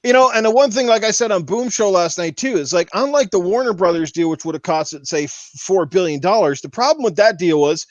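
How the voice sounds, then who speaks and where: High-voiced guy ranting on a podcast, swears a lot, dull dry lo-fi audio. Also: expressive, brisk, few pauses, dry recording. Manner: profane, fired-up ranting. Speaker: podcast host. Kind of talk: casual podcast rant.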